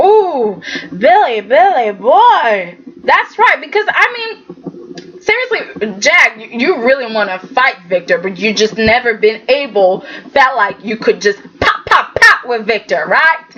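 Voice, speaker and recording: A woman's voice: fairly high pitch, sharp tone, a little hiss or hum. A woman recapping a soap opera in a sassy, chatty vlog, talking straight to the characters. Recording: slightly dull lo-fi recording.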